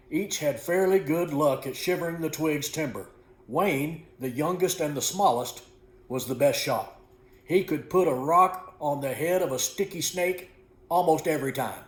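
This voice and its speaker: Folksy man reading his own story aloud. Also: on the high side. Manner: folksy, unhurried, with small slips corrected as he goes. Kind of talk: storybook narration. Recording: echoey room.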